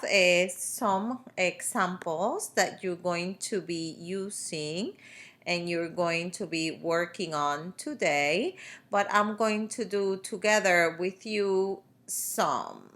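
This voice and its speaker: A Spanish teacher with a lowish, slightly bright voice gives a grammar lesson over a screen recording. She explains step by step, using patient fillers.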